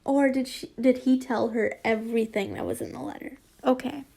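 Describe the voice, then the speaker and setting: A young woman reads fanfiction aloud casually and ramblingly, often stopping to laugh and apologize in chatty asides. Her voice is a little high, gravelly, warm, and slightly rough, at a moderate pace.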